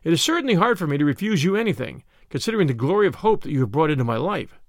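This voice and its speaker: A man's voice: on the high side, very animated, rapid-fire, no room sound, clean studio sound. A man reading an audiobook, voicing an anxious, polite elderly male collector in a raised, fluttering voice. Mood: delighted.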